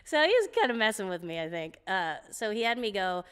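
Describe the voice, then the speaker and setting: A middle-aged woman, a guest singer, telling lively stories in an interview, often laughing and acting out what people said. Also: mid-range voice, brisk, clear, resonant tone. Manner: lively storyteller, laughs often, acts out quotes. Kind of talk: storytelling interview. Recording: long hall reverb.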